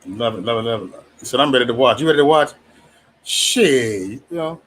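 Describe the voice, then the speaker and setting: A man's voice: medium pitch, animated, fairly quick, a bit bright. Loose, profane man hosting a livestream. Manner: loose, profane, laughing often, mimics others in raised voice. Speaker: livestream host. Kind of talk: casual livestream chat.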